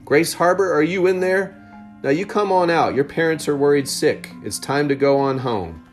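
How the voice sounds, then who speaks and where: A man's voice: a little high, fairly even intonation, moderate pace, a little mellow, faint music behind, pitched above the performer's own voice, natural voice. A man playing a stern young cop. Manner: firm, commanding, calling out. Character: stern young male policeman.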